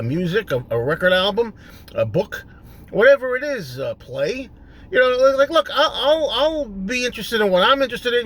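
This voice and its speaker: A middle-aged man hosting a solo rant video, exasperated and repetitive, building up to shouting. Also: sits high.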